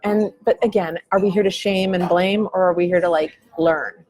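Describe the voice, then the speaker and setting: A woman's voice: on the low side, fairly even intonation, normal speed, darkish tone, rough recording. A woman in her forties talking candidly in a coffee shop, musing loosely and swearing casually as a podcast host. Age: 40s. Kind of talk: candid reflective chat.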